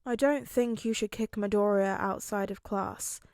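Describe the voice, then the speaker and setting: A woman doing a calm teenage boy with a flat, deadpan monotone, unhurried in an audiobook reading. The sound is close and dry. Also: medium pitch, no room sound, lightly acted.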